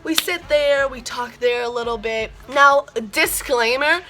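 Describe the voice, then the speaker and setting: Bright-voiced slangy teen girl storyteller. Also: sits high, measured pace. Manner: slangy, animated, lots of "like" and swearing. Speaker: vlogger. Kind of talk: storytime vlog.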